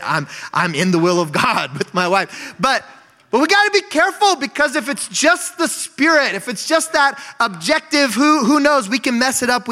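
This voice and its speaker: Man, forties, pastor, high voice, bright tone, casual animated sermon. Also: big-room sound. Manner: animated, storytelling, frequent asides to the congregation. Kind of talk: conversational sermon.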